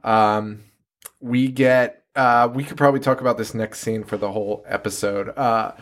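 A man's voice: fairly low pitch, normal speed. Profane laughing podcast co-host, a man. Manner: profane, laughing, animated storytelling. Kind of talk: casual chat.

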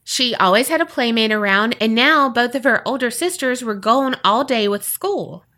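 Lively, bright-voiced woman podcast host. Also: a little high, moderate pace. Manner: animated, expressive storytelling with lively reactions. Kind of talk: casual chat and reading a listener story aloud.

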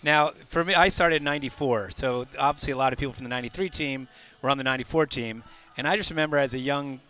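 A man hosting a casual podcast interview and recalling his time working in a team's front office, chatty and quick to laugh. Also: medium pitch, bright, forceful tone, faint music behind. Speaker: podcast host, former team front office worker.

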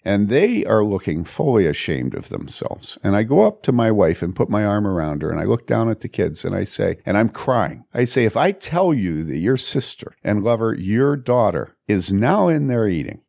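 A man's voice: fairly low pitch, big pitch swings, moderate pace, gravelly, hardly any pauses, a little mellow, no room sound, studio quality. An older man, a pastor, telling personal stories on a podcast in an earnest, emphatic way with frequent repetition. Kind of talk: storytelling on a podcast.

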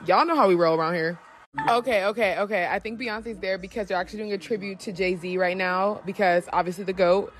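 A woman hosting a podcast, reacting live in an excitable, gushing way and swearing freely. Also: medium pitch, a little fast. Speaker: podcast host.

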